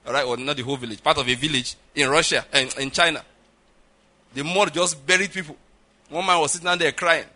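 A man's voice: a little high, steady tone, brisk, sharp tone. A middle-aged man preaching a sermon as pastor, emphatic and often checking with his listeners. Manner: emphatic, repeats "all right?" and "do you understand?" to the audience.

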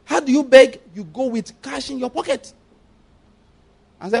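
A man preaching a sermon as pastor, emphatic, often asking the congregation if they follow and swinging between loud and hushed delivery. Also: very high voice, normal speed, creaky, husky.

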